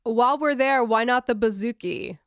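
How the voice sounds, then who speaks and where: A woman's voice: fairly high pitch, smooth, dry recording, clean studio sound. A woman co-hosting a casual podcast, wry and chatty, who is sick at the moment. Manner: wry, chatty, quick to laugh. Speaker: podcast co-host.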